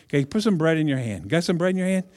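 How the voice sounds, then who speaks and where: A man's voice: fairly high pitch, big pitch swings, very fast, darkish tone. A man preaching a casual, conversational sermon, chatty and humorous, speaking directly to his audience.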